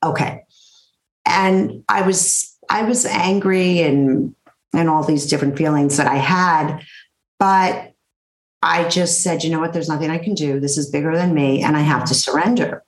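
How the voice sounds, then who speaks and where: Animated, blunt woman in an echoey room. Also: deep voice, measured pace. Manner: animated, blunt storyteller who acts out quotes. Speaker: interview guest, therapist. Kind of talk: candid storytelling interview.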